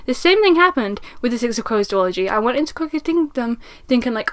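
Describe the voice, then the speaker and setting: A young woman giving a casual spoken book review, chatty and animated, laughing often. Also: a little high, fast.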